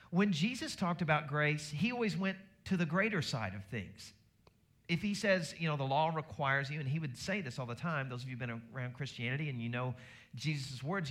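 A middle-aged male pastor preaching a sermon in a conversational way, rising in pitch and volume to make his points. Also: lively intonation, moderate pace, fairly bright tone.

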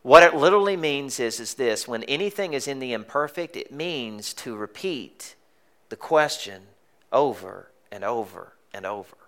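A man preaching with a bright, forceful voice. He talks to the congregation as if chatting, with self-mocking humor, then drops into quiet intensity on the heavy points. His pitch sits in a middle range. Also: lively intonation, moderate pace. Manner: conversational and joking, dropping to a hushed intensity. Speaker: pastor. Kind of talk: sermon.

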